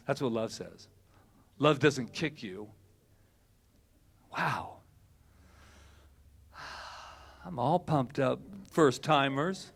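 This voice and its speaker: A man preaching a sermon to a church congregation, animated, swinging between loud bursts and quiet asides. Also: on the high side, extremely slow, gravelly, pauses often, breathy edge. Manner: animated, acts out quoted voices, swings loud and soft. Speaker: minister. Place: church service hall.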